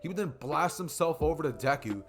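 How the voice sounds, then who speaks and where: A man's voice: on the high side, lively intonation, brisk, soft background music. A young man casually narrating a fan story he makes up as he goes, rambling, with fillers.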